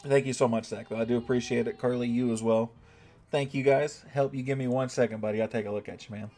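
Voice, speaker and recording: A man's voice: mid-range voice, fairly even intonation, fast talker, warm tone. Chatty American man streaming a game. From United States. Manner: chatty, reads out and thanks chat donors. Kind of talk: casual livestream commentary.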